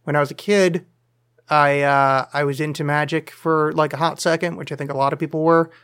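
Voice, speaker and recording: Working alone on a live podcast in his home studio, a man leans over to check his screen and answers listener questions in a rambling, jokey, self-deprecating way full of fillers. His voice is fairly high, steady, brisk, a bit bright and clean.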